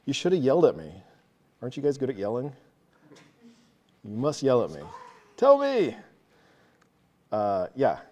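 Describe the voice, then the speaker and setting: A man's voice: mid-range voice, mellow. A man presenting at a tech meetup, casually walking an audience through code step by step, with self-deprecating asides. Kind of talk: live technical walkthrough of code.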